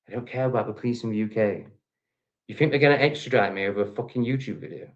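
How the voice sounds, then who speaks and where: A man's voice: medium pitch, muffled recording. A man from England with an English accent, ranting angrily and profanely at the critics in his reaction video. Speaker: vlogger. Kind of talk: angry reaction rant.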